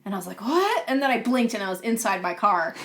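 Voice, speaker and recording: A young woman co-hosting a casual podcast, telling stories with lots of laughter and animated bursts. Her voice sits at an ordinary middle pitch for a woman. She talks in a loose, chatty way. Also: quick pace, background noise. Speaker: podcast co-host. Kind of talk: casual storytelling chat.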